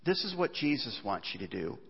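A man preaching a sermon as pastor, animated and often voicing cries of despair. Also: mid-range voice, brisk, vocal fry, slightly rough. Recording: dull sound, long reverb of a large hall.

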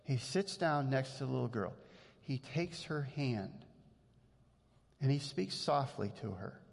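A man's voice: mid-range voice, expressive, unhurried, vocal fry. A man preaching a sermon as pastor, earnest and conversational, with frequent restarts. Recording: long hall reverb.

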